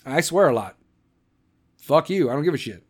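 A podcast host ranting angrily, swearing heavily and firing off questions in a heated rant. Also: male voice, on the high side, animated, normal speed, slightly rough. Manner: angry, profane, heated ranting. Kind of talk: political rant.

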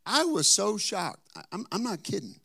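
A man's voice: sits high, wildly swooping pitch, moderate pace, vocal fry, slightly rough. Pastor man preaching a story sermon. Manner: shifts from hushed asides to emphatic preaching.

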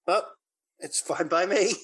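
A woman's voice: fairly low pitch, sing-song, slow pace, slightly rough. A woman, casually recapping a film as a podcast co-host, rambling and giggly with many fillers. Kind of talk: casual chat.

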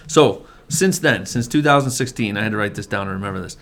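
A man's voice: fairly low pitch, fast talker, a bit bright, a little hiss or hum. A middle-aged man, a family pastor, earnestly telling his testimony in casual conversation, often restarting and repeating words. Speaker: family pastor, men's group leader.

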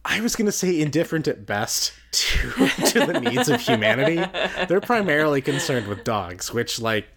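A man's voice: on the high side, sing-song, moderate pace, few pauses, fairly bright tone. A man co-hosting a podcast, chatting in a wry, joking way and reading out listener mail. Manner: wry, joking, swears casually. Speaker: podcast co-host.

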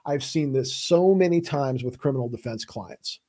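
A man's voice: medium pitch, normal speed, dark tone. A man who hosts the show and works as a criminal defense lawyer, explaining legal rights in an emphatic, plain-spoken, urgent way. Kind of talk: casual explainer talk.

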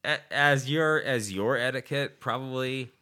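A man's voice: medium pitch, unhurried, sharp tone. A man co-hosting a casual, comedic chat, laughing often and breaking into exaggerated voices to act out what people might say.

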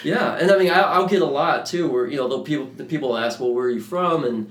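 A man from Detroit who speaks as a podcast guest in halting, casual conversation and often searches for his words. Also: on the high side. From Detroit, USA. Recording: roomy echo.

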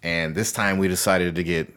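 A young man with a low, deep voice co-hosting a podcast. He speaks in an unhurried, easygoing manner. His remarks come across as relaxed chat. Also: smooth. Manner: laid-back, easygoing. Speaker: podcast co-host.

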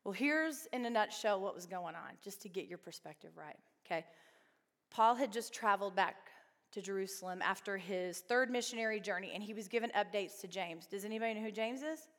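A woman teaches a Bible study group in a relaxed, conversational way. She keeps checking in with her listeners through quick questions. Her voice sits at a middle pitch and carries a long reverb from a large hall. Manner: chatty, asks the group questions.

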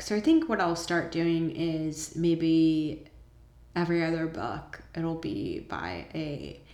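A woman's voice: fairly low pitch, a little mellow, reverberant. A woman vlogger chatting casually about shows and books she enjoys, with many ums and eager asides.

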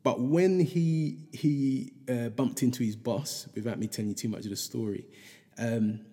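A man's voice: medium pitch, steady tone, a little slow, mellow, long reverb tail. A middle-aged man, chatting casually and reflectively, rambling with lots of fillers and restarts. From England.

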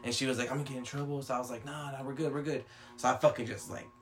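A man's voice: mid-range voice, little pitch movement, racing. Young guy w norcal telling a story, swears a ton, acts out the quotes, faint music in the back. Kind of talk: casual storytelling chat.

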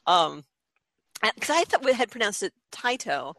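A woman's voice: mid-range voice, very animated, moderate pace, a bit bright, a little hiss or hum. A woman in casual podcast chat over a video call, talking with frequent laughs and restarts. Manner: laughs often, chatty with restarts. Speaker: podcast regular.

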